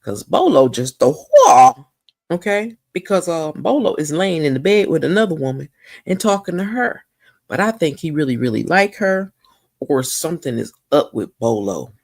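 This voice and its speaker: A woman recapping a TV episode in a chatty, gossipy way, talking straight to her viewers. Her voice is gravelly with a lot of fry, and her pitch swoops up and down. She stays animated and opinionated throughout. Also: moderate pace, no echo, clean studio sound. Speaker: TV recap vlogger.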